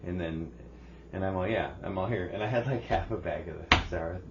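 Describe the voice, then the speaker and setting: A man's voice: low voice, brisk, highs cut off, slight background noise. A man co-hosting a podcast, telling a rambling home story with frequent restarts and laughter. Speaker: podcast co-host. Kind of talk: casual storytelling chat.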